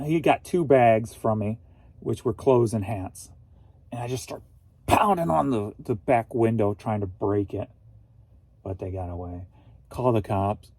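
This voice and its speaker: A man's voice: medium pitch, warm tone, no echo. A middle-aged man from St Louis, Missouri, an online reseller, telling stories in a casual, joking vlog monologue. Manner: storytelling, offhand and joking.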